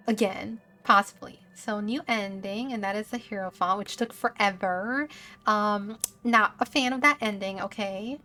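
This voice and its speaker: A woman's voice: a little high, a bit bright. A woman streamer giving rambling, giggly gameplay commentary, chatting to her viewers.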